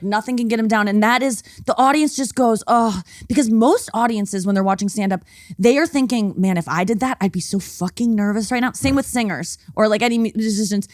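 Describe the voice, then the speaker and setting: Animated, foul-mouthed woman guest, dry mic. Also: fairly high pitch, no room sound. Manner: animated, swears freely, breaks into impressions. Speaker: podcast guest, comedian. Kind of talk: casual chat.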